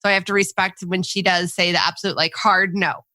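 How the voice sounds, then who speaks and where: A woman's voice: lowish voice, steady tone, fast talker, sharp tone, dry recording, studio quality. A woman hosting a podcast, talking in a goofy, playful casual way about her kids. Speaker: podcast host. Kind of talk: casual chat.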